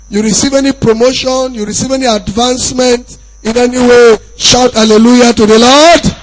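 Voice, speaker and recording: A male preacher giving an emphatic sermon, repeating phrases and rising to shouts. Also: extremely high pitch, steady tone, moderate pace, rough recording.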